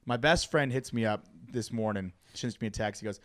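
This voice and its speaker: A man hosting a podcast in a studio, telling stories in an animated, casual way and laughing often. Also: on the low side, fairly quick. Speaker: podcast host. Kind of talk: casual chat.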